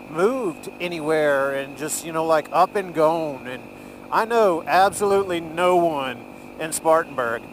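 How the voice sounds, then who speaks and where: Guy, rambling car vlog, jokey, slightly higher voice, faint road noise. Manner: chatty, rambling, jokey, laughs easily. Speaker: vlogger. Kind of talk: casual rambling vlog while driving. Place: in a car, driving.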